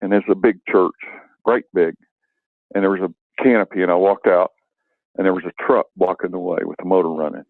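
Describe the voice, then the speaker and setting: Older male guest on a tinny phone line, deep-voiced, halting, emotional storyteller. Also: fairly even intonation, dry recording. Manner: emotional, halting, with many fillers. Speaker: radio interview guest. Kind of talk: storytelling and poem reading over the phone. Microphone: telephone.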